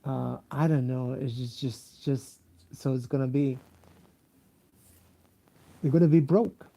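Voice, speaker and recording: A sleepy man with a dark, gravelly voice rambles slowly through a casual monologue. He stops often for fillers and restarts and swears freely. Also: medium pitch, steady tone. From Mexico. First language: Spanish. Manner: halting, many fillers and restarts, profane.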